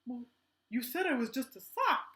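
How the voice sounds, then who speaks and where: A cheerful, innocent sock puppet boy, played by a woman speaks earnestly and with wonder. The voice is bright and lively, pitched fairly high. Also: normal speed, heavily acted. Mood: indignant.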